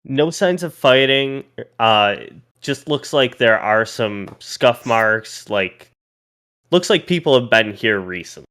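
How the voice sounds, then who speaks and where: A man narrating a tabletop role-playing game as game master, pausing and restarting as he describes each scene. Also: mid-range voice, expressive, a bit bright, smooth.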